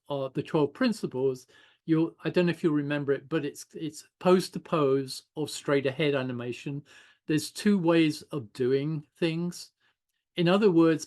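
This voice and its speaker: An older man teaches an informal online animation class in a slightly high, slightly mellow voice. He chats loosely as he draws, thinking out loud.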